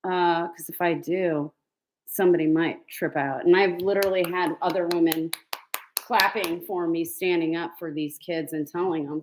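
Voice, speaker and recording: A woman with a slightly low voice rambles through her stories in a casual chat. She talks blunt and profane and fills the gaps with fillers and laughter. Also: steady tone, moderate pace. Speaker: vlogger. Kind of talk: casual storytelling.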